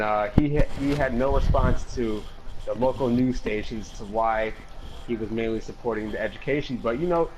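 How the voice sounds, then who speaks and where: A man rambles on as a mock political pundit, stumbling over restarts and filling every pause with "you know". His voice sits at an ordinary pitch, with a faint hiss of noise behind it. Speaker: mock political analyst in game role-play. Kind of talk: improvised comedic role-play chat.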